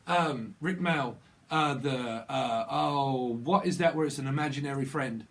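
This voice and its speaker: A man's voice: mid-range voice, measured pace, a bit bright. A man rambling through a channeled tarot reading, hopping between wordplay and chuckling at his own jokes. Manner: rambling free-association wordplay, laughing at himself. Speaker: tarot reader.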